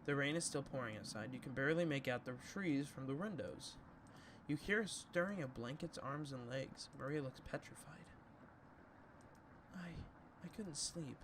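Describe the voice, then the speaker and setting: A man's voice: medium pitch, lively intonation, normal speed, background noise. Casual young man reading a game. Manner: casual, reacts with slang asides. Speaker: streamer. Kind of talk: reading a story game aloud. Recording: game music behind voice.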